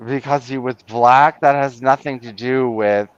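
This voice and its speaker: A man's voice: mid-range voice, steady tone, smooth, no room sound, muffled recording. A man with a New York accent hosting a casual stream, talking bluntly and pushing back hard. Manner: blunt, argumentative, quick to push back. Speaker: host of a live stream. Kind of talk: casual chat.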